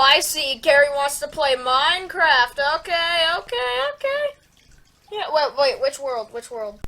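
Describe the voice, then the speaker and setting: A woman voicing a young girl who explains hesitantly and quietly, with restarts. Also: high-pitched. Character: girl friend worriedly explaining, calm.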